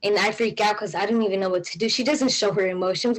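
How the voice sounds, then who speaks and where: A woman's voice: mid-range voice, fairly even intonation, fast talker, poor audio. A young woman telling a personal story on stage, in a casual way with many fillers and an anxious tone. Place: stage at a live event.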